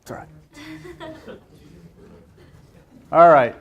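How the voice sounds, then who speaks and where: A man's voice: extremely slow, phone-quality sound. A man teaching a calculus class, talking casually and joking as he works through problems aloud. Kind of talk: classroom lecture.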